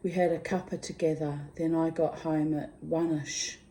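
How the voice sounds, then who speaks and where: A woman's voice: low voice, flat delivery, moderate pace, warm tone, a little hiss or hum. A woman talking candidly in a casual video diary, rambling and muttering asides to herself. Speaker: vlogger.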